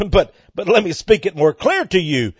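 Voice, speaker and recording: Texan man preaching, high husky voice, dry muffled lo-fi sound. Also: big pitch swings, normal speed, no room sound. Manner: fervent, swells loud on key words, repeats words. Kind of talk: preached radio sermon.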